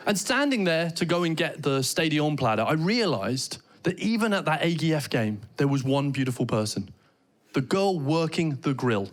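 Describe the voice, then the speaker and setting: British male stand-up comic, a touch high-pitched, animated storyteller on stage. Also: brisk. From Britain. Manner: animated storytelling with mock Danish phrases. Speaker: stand-up comedian. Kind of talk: stand-up comedy. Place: theater stage before a laughing audience.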